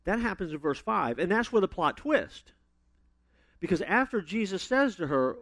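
A man's voice: high-pitched, big pitch swings, moderate pace, a bit bright, no echo. A man preaching a sermon as a pastor, telling stories and acting out the people he quotes. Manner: storytelling, acts out quoted voices with big swings.

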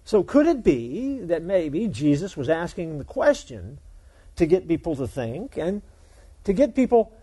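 A male pastor preaching in a relaxed, folksy way, chatting and joking with the congregation. His voice is warm and mellow and sits a little high for a man. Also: measured pace, husky. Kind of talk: sermon.

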